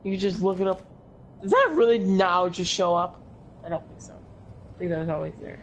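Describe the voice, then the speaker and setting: A woman's voice: fairly low pitch, normal speed, a little hiss or hum, poor audio. A tired woman chatting casually while playing an online game, swearing now and then. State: tired, yawning. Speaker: co-player on a gaming stream. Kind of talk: casual chat while gaming.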